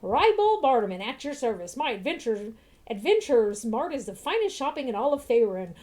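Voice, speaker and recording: A man's voice: very high-pitched, sing-song, brisk, a little mellow. Salesy fantasy shop owner, boasting about his goods. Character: smooth-talking male shopkeeper, salesy.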